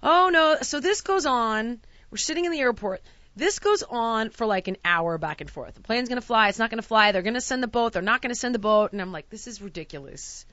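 A woman hosting a casual chat, and her voice is bright and forward, close and dry to the mic. She tells stories with lively swings, jumping up into shouty acted-out quotes, and the sound is slightly dull and lo-fi. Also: fairly quick, no echo. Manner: animated, acts out quotes with big pitch jumps and shouts. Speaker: podcast host.

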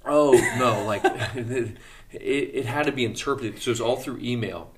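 A man who is a health practitioner, chatting on a health podcast and telling a story with excitement, often laughing as he talks. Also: medium pitch, measured pace. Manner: excitable storytelling, laughs through his words. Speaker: health practitioner and regular expert on a health show. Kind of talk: casual podcast chat.

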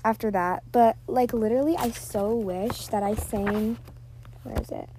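A teenage girl hosts a podcast, chatting casually and rambling with lots of "like" and self-deprecating asides, recorded on her device's built-in mic. The woman's voice is medium-pitched and unhurried, over a noisy background.

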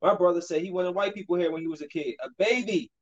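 A man in his thirties chatting casually while he plays a basketball video game, rambling and then breaking into sudden loud outbursts at the game. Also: high voice, quick pace, dull audio. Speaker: streamer and father.

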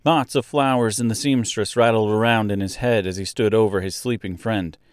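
A man reading a storybook aloud as narrator, in a slow, measured, even way. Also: fairly low pitch, smooth, no room sound, clean studio sound.

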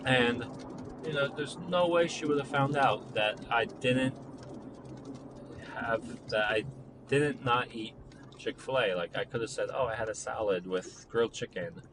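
Against a constant backdrop of traffic and passing vehicles, a young vlogger relates something that happened to him in an unhurried, mid-range voice. He meanders, says "like" a lot, and voices both people in past exchanges.

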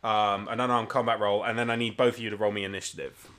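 A man's voice: lowish voice, flat delivery, fast, fairly bright tone. A man narrating a tabletop game as game master, casual and full of ums and swearing.

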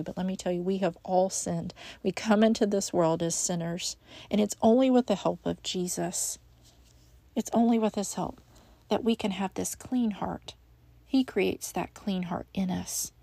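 A woman's voice: medium pitch, gravelly, warm tone, no echo. A woman hosting a devotional podcast, speaking earnestly and encouragingly to the listener as a friend. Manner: frequent restarts and fillers. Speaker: podcast host.

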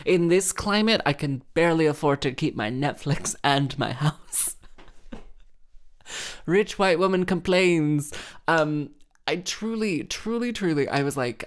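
A woman's voice: low voice, measured pace. A woman hosting a podcast, rambling and gushing in a casual monologue full of fillers and sarcastic self-mockery.

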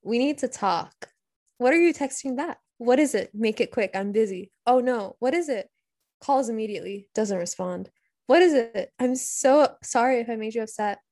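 A young woman chatting casually with friends while doing a quiz, blunt and quick to laugh. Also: a little high, lively intonation, a little mellow. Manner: giggly, blunt. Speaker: quiz player among friends. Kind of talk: casual chat.

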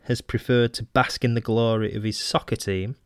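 A man's voice: fairly low pitch, steady tone, moderate pace, clear, resonant tone, no room sound. Dry-voiced Mancunian man musing aloud. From Manchester, England. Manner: hesitant, many ums and restarts, wry asides. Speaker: podcast host. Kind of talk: casual solo podcast reading old magazine articles aloud.

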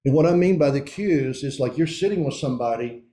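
A middle-aged man with a mellow, warm voice speaks to a men's group in a heartfelt, confessional way. His pitch sits in an ordinary middle range. He slows down and pauses on the points that matter most. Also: lively intonation.

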